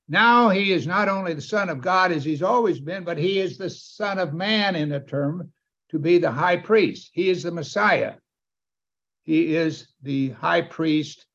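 A man's voice: fairly high pitch, fairly bright tone. A man preaching a sermon with emphasis, often asking his listeners questions. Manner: emphatic, asks the audience questions. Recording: dull, lo-fi sound.

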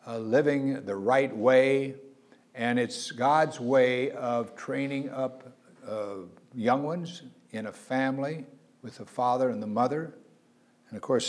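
Earnest man preaching a sermon. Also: medium pitch. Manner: earnest, varies loudness for emphasis, frequent uh fillers.

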